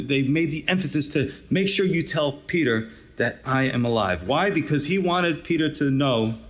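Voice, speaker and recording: A pastor preaching a conversational, encouraging sermon, often adding "you know" and "right". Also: male voice, medium pitch.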